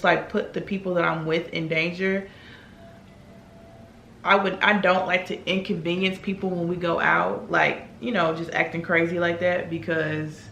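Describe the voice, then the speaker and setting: A woman's voice: lowish voice, vocal fry, a little hiss or hum. A young woman telling a story in a casual, chatty way while doing her makeup. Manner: chatty, animated, acts out quoted voices. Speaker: beauty vlogger. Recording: echoey room.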